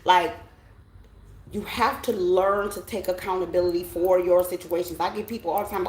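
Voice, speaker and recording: A woman's voice: fairly low pitch, steady tone, normal speed, a little mellow, echoey room, low-quality recording. A middle-aged American woman giving a blunt, emphatic spiritual pep talk as a tarot reader, often checking in with her listeners.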